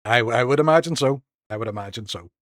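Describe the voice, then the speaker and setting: A Northern Irish man streaming a game live, chatting casually with viewers and thanking them, excitable and self-mocking. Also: medium pitch, fast, no room sound, studio quality. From Northern Ireland.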